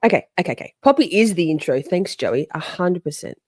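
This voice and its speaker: Woman, stream host, animated sing-song voice, dry close sound, rambling friendly chat, dogs interrupting. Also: fairly low pitch, fairly quick, no echo. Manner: chatty, greets viewers by name, scolds her dogs mid-sentence. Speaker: podcast host. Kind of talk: casual live-stream chat. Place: home with dogs.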